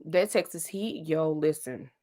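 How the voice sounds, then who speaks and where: A woman's voice: sits low, animated, a little slow, mellow. A woman in her late thirties from St. Louis, chatting casually and rambling on a livestream, laughing often. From St. Louis, Missouri. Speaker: livestream host. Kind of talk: casual live chat.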